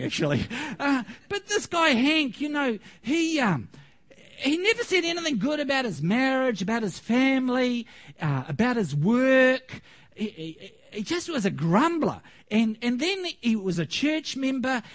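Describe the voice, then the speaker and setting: Male pastor, animated storytelling, laughs often, very varied pitch. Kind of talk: humorous sermon.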